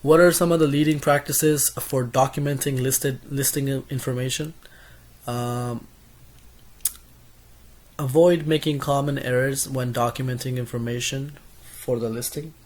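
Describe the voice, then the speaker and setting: A man's voice: medium pitch, fairly even intonation, unhurried. A young man reading through course notes as a casual spoken summary, reading lists steadily with small self-corrections and asides.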